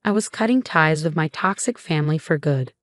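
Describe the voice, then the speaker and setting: A young woman narrating a first-person story in an even, measured way. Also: sits low, dry recording, studio quality. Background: faint music.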